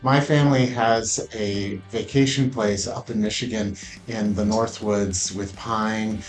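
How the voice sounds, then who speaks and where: A man telling a personal story, unhurried and pausing often, in a roomy echo over faint music. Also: lowish voice, fairly even intonation. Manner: unhurried with frequent "uh" pauses.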